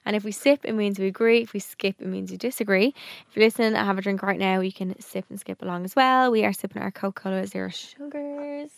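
A woman's voice: medium pitch, fast, gravelly, no room sound, studio quality. A young woman co-hosting a podcast in casual chat, also reading out sponsor lines. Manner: chatty, reads sponsor lines. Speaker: podcast co-host.

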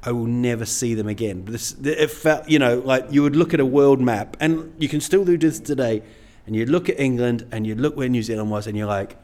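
A man's voice: medium pitch, fairly quick, few pauses, darkish tone. A middle-aged man, a stand-up comedian, chatting casually as an interview guest in a rambling, self-deprecating way. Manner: rambling, self-deprecating, many "you know"s.

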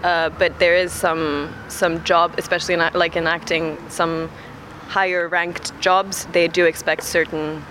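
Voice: medium pitch, little pitch movement, a little slow, bright, forceful tone, a little hiss or hum. A speaker who grew up in Singapore answers a street interview outdoors, reflective and searching for words. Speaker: passer-by interviewee.

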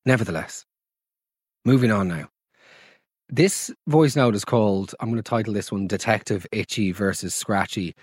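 A man's voice: lowish voice, moderate pace, slightly rough, no room sound. Guy hosting a comedy pod, swears a lot, big dramatic reactions, dry sound. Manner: animated, sweary and mock-dramatic. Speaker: podcast host. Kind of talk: comedy podcast chat.

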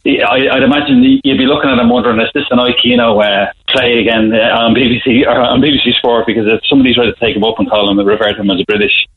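A man's voice: medium pitch, steady tone, fast talker, few pauses, a little hiss or hum. A man calling in to a radio show, chatting in a rambling way with many restarts. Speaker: caller. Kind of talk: phone-in chat. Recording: tinny phone line.

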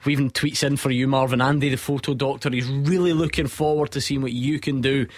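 Chatty radio sports host. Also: male voice, medium pitch, fairly even intonation, a little fast, no room sound, studio quality. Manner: chatty, jokey, often laughing.

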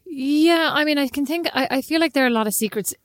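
A woman's voice: high-pitched, fast talker, dry recording. Woman, 30s, podcast co-host; blunt and sardonic, close dry mic. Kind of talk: casual chat.

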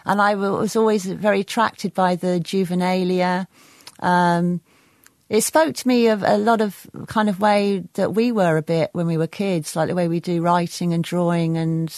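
Woman novelist, radio guest, lowish voice, dry studio sound, hesitant and thoughtful. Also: a little mellow, dry recording. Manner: thoughtful, hesitant with many fillers. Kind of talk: radio interview chat.

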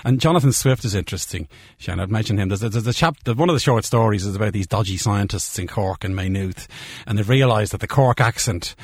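Fast-talking husky man. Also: lowish voice, no room sound, clean studio sound. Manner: enthusiastic, repeats words, laughs often. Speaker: scientist guest. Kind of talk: casual radio-style chat.

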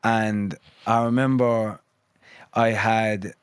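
A man's voice: fairly low pitch, fairly even intonation, very slow, clean tone, no room sound, studio quality. A man in his thirties from London and Ireland, a guest musician rambling in casual conversation with lots of fillers and swearing.

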